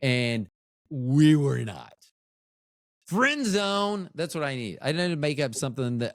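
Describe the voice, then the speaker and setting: A man's voice: mid-range voice, expressive, moderate pace, no echo, clean studio sound. A man hosting a casual solo podcast, rambling and joking at his own expense. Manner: rambling, joking, self-mocking. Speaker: podcast host.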